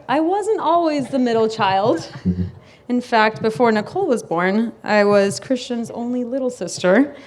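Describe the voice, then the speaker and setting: Young woman giving a wedding toast, slow and a bit high, laughs a lot, close to crying. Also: a little hiss or hum. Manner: laughing often, emotional, near tears. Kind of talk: wedding speech. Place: wedding reception hall.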